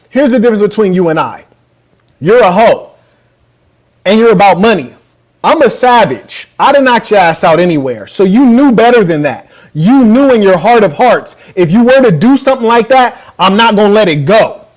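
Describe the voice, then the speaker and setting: A man hosting a reaction video from a hotel suite, brash, boastful and mocking as he talks over a clip. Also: high-pitched. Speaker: podcast host reacting to a clip. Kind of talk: casual reaction commentary. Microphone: camera mic.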